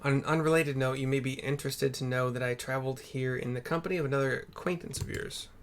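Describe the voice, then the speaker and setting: A man's voice: medium pitch, fairly even intonation, fast, slight background noise, lightly acted. A man reading a solemn, formal nobleman. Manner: formal archaic speech, stumbles on hard words.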